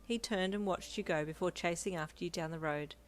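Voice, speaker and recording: A woman narrating a second-person fanfiction romance, steady and gentle. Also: on the low side, brisk.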